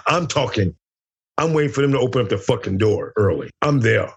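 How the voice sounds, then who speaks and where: A man's voice: medium pitch, big pitch swings, fairly quick, slightly rough, muffled recording. A middle-aged American man telling a wild story as an interview guest, boisterous and profane, acting out the dialogue. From United States. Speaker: interview guest, former fighter.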